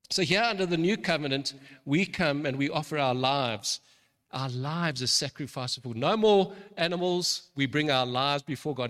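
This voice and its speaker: Bright-voiced man preaching in a hall. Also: medium pitch. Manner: earnest, repeats words when restarting. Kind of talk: sermon. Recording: long reverb of a large hall.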